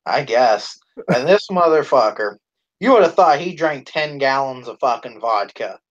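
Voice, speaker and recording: A man co-hosting a live stream, telling a profane, animated story in casual chat. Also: mid-range voice, moderate pace, highs cut off.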